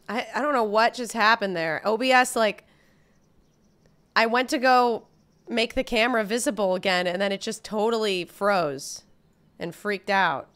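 Bubbly bright-voiced woman streamer. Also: medium pitch, unhurried, pauses often, clean tone. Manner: chatty, bubbly, talks to viewers. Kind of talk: casual gameplay livestream.

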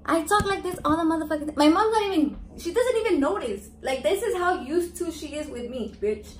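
A woman's voice: sits high, animated, fairly quick. A woman filming a casual cooking vlog in her home kitchen, brash and swearing constantly, slipping into Spanish. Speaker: cooking vlogger. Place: home kitchen with family around. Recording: noisy kitchen recording.

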